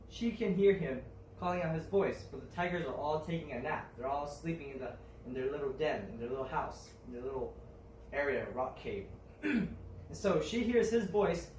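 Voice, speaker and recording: A young man retelling a folk tale to a group, halting with fillers and restarts. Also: fairly high pitch, darkish tone, a little hiss or hum. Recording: roomy, mic at a distance, faint ambience.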